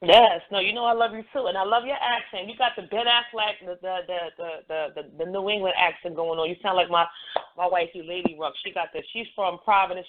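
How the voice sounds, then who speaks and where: A woman's voice: lowish voice, fairly even intonation, a little fast. A woman hosting a call-in talk show, chatting loosely and often stopping to ask "you know what I'm saying". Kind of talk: casual call-in chat. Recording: tinny phone line.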